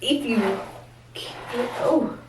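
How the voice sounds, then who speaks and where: A woman's voice: fairly high pitch, very slow, a little mellow, distant mic. A slangy, rambling woman talks through a casual tutorial vlog. She sits back from the mic in an echoey bathroom. A faint hiss runs underneath. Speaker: vlogger. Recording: roomy, off-mic, faint noise.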